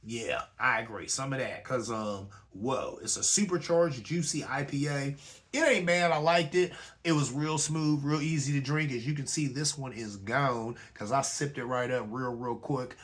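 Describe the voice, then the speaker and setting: Hosting his own show, a man talks at a moderate pace in a mid-range, slightly bright voice. It's a casual commentary monologue, loosely conversational and peppered with "you know what I'm saying?"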